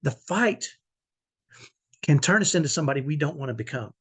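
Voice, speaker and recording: A middle-aged man speaks to his viewers in a heartfelt, confessional vlog. His voice is husky and sits a little high, and he often restarts his sentences. He sounds emotional, close to tears. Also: lively intonation, fairly quick. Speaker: vlogger, autism parent. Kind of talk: earnest personal vlog.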